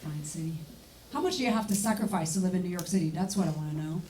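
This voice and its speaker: A French-accented woman performing stand-up on a club stage, delivering deadpan punchlines and mocking the people in her stories. Her voice sits a little way from the mic, and a noisy live room fills the space around her. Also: on the low side, quick pace. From France. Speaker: stand-up comedian. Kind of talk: stand-up comedy set. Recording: live club recording with noise, mic at a distance. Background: audience laughter.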